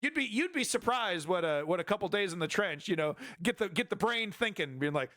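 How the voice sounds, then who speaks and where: A man talking through news clips in a loose, rambling way, full of fillers and restarts, with a sardonic edge. His voice sits a little high for a man. The sound is close and dry, with no room around it. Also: animated, a little fast, hardly any pauses, fairly bright tone, dry recording. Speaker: streamer reacting to news footage. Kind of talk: casual commentary.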